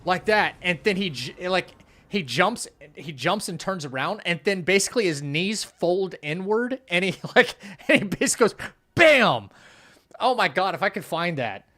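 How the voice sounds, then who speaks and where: A young man streaming a game who rambles through stories, laughs often, and mutters quietly to the game in between. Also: high voice, lively intonation, moderate pace. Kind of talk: casual live-stream chat.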